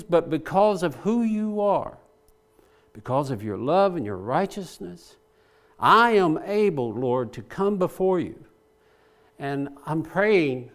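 A male preacher giving a sermon, praying aloud with passion as he paraphrases scripture. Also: fairly high pitch.

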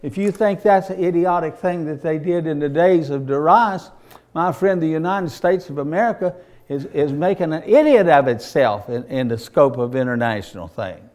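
A man preaching a sermon in a folksy storytelling style, swinging from hushed narration to loud exclamations. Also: a little high, lively intonation, normal speed. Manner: folksy, homespun phrasing.

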